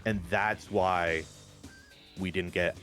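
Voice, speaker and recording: A young man talks through a wrestling management game. He is excitable and quick with jokes. His speech is casual and a little profane. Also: deep voice, soft background music. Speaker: game commentator.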